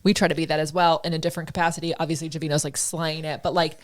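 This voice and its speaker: A woman hosting a casual podcast chat, an excitable storyteller who gushes and acts out her own reactions. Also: low-pitched, rapid-fire. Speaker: podcast host.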